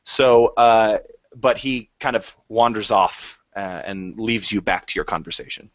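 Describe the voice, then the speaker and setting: A man narrating a tabletop game as game master, measured and descriptive. His voice sits low, and the recording is dry and lo-fi. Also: fairly even intonation, dry recording.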